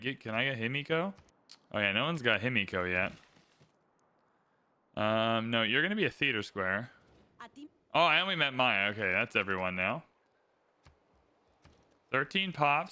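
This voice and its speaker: Upbeat man streaming, very bright voice. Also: medium pitch. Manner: upbeat, thinks aloud, chats to viewers. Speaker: streamer playing a strategy game. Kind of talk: casual livestream gameplay commentary.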